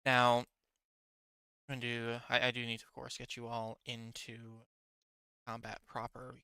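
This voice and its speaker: Bright, crisp-voiced male game master. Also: medium pitch, measured pace, no echo. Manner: relaxed, hesitant narration with many fillers. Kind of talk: narrating a tabletop game on stream.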